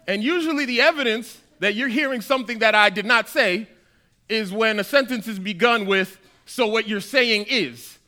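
Bright-voiced preacher joking with his flock. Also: high voice, moderate pace. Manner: conversational and playful with the congregation. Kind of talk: sermon. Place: church hall.

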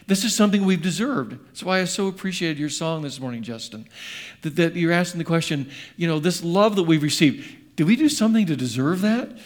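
Older pastor telling family stories. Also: male voice, sits high. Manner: storytelling, quizzes the congregation. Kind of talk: sermon with personal stories. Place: church before a congregation.

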